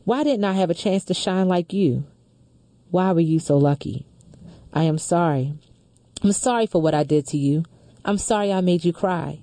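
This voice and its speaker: Female talk host, mellow tone, close and dry, earnest measured reader. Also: lowish voice, no echo. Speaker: radio show host. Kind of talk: reading a letter aloud, then discussion.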